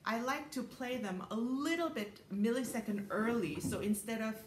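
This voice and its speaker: A woman concert pianist with a slightly high voice teaches a piano lesson at a normal speed, thinking carefully, sprinkling in small ums, and at times singing rhythms. The masterclass audio has a roomy echo, piano playing, and a little background noise.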